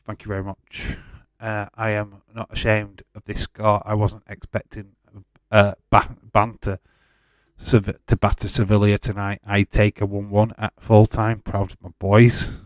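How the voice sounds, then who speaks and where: A man's voice: lowish voice, monotone, measured pace, no room sound. A man, hosting a livestream and answering viewers in chat in a defensive, direct way. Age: 40s. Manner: defensive, talks straight to chatters by name. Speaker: livestream host. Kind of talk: casual watch-along chat, answering live chat.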